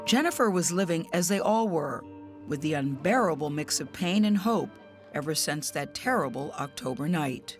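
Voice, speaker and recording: A woman correspondent reading scripted news narration in a measured, even way. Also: low voice, soft background music.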